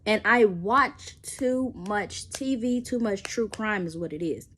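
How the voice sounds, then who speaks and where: A young woman, telling a personal story in a casual storytime and acting out the voices with sudden jumps in pitch. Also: takes it slowly, slight background noise. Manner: animated, acts out quotes with pitch jumps.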